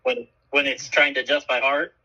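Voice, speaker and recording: A man's voice: mid-range voice, fairly quick, dull audio. A man co-hosting a radio show, telling a story in a casual, profane way and acting out the voices of the people in it. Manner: animated, profane, acts out quoted voices.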